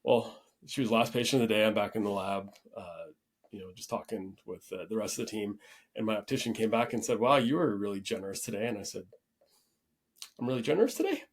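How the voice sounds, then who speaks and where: Husky-voiced man hosting a podcast. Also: lowish voice, quick pace. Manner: relaxed, rambling with frequent restarts. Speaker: podcast host. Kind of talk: casual conversational storytelling.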